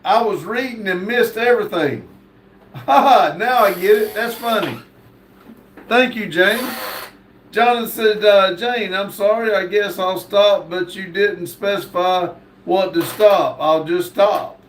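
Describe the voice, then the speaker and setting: A man's voice: sits high, a little slow, a bit bright, slight background noise. A man hosting a live stream, reading viewer comments aloud and stopping often on fillers. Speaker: livestream host. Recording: echoey room.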